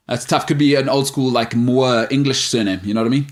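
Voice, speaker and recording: Male sports show host, mid-pitched, loose and joking, stumbles over odd names and holds strong opinions. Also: fairly even intonation, a little fast, hardly any pauses. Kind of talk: casual sports chat reading viewer questions.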